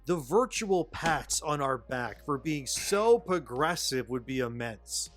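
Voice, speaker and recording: A man's voice: mid-range voice, lively intonation, slow pace, a bit bright, soft background music. A man reading scripted pop-culture commentary in a sarcastic, exasperated way. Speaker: commentary video narrator.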